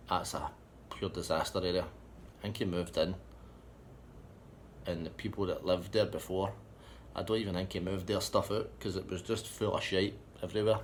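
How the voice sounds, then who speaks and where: A Scottish man with a Scottish accent telling a sweary, rambling comic anecdote in a deadpan way. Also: low-pitched, slight background noise. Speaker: storyteller.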